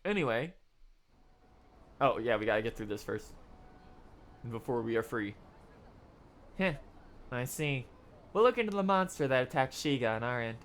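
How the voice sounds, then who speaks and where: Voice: mid-range voice, expressive, normal speed, long pauses, slight background noise. A streamer reading every character's dialogue from a video game aloud during a live playthrough, with laughing asides in between.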